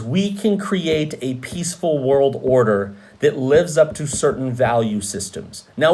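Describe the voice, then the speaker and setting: Animated man lecturing on history. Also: a little high. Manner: animated, conversational, emphatic asides. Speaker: history teacher.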